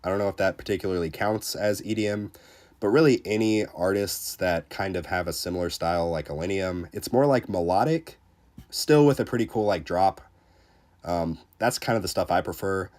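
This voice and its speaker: A man with a cold, sounding congested as he chats casually on a game livestream and reads viewer comments in a relaxed, rambling way. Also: deep voice, moderate pace. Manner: relaxed, rambling, lots of fillers. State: sick, under the weather. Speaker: game streamer reading chat.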